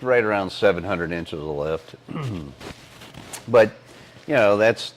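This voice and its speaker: A middle-aged man co-hosting a podcast, explaining engine parts in casual technical shop talk, rambling with many fillers and frequent throat clearing, on a collar lapel mic. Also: deep voice, slight background noise. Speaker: engine builder and podcast co-host.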